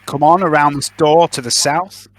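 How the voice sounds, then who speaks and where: A man with a somewhat high voice and fairly even intonation narrates a tabletop role-playing game as its game master. He keeps things casual, joking around, teasing the players, and laughing quickly.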